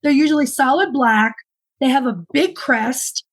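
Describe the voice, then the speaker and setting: A woman's voice: sits high, a little slow, rough recording. A woman co-hosting a podcast in casual chat, with a chatty, dry sense of humor. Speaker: podcast co-host.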